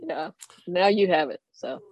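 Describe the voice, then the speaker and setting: An older person telling a family story in a lively way, often laughing and acting out the others. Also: mid-range voice, a little slow, no echo, highs cut off. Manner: animated, laughing anecdote telling. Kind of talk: oral history storytelling.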